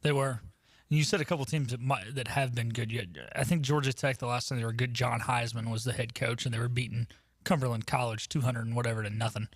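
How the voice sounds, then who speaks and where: A man's voice: mid-range voice, steady tone, fast talker, dry recording, studio quality. A young man hosting a casual sports talk radio show, chatty, with frequent ums and uhs.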